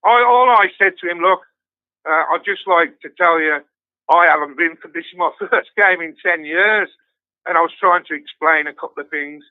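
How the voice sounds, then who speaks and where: A man's voice: a little high, moderate pace, dry recording. An older man in casual chat, telling stories with lots of swearing and laughter. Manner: swears constantly, storytelling with laughs. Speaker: guest fan. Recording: dry tinny phone line.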